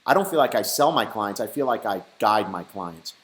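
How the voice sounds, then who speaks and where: A man's voice: fairly low pitch, expressive, moderate pace, fairly bright tone, low-quality recording. A man with a New York accent hosting a casual interview over a video call, speaking bluntly and informally. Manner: casual and blunt, swears lightly. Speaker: host.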